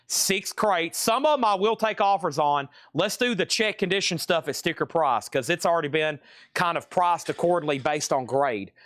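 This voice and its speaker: A man's voice: fairly high pitch, animated, moderate pace, a bit bright, no room sound, studio quality. A man hosting a live-streamed record sale, chatty and rambling as he runs through auctions. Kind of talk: live-stream sales patter.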